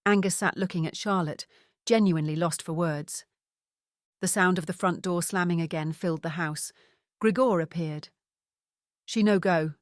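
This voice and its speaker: A woman narrating a mystery novel in an even, measured voice. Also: lowish voice, no echo, clean studio sound. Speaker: audiobook narrator. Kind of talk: scripted narration.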